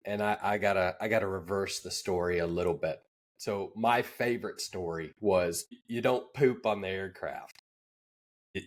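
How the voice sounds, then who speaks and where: A man telling a joking anecdote in casual chat, shouting the quoted lines. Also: fairly low pitch. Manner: easygoing, laughs into punchlines, shouts quoted lines. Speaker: podcast guest.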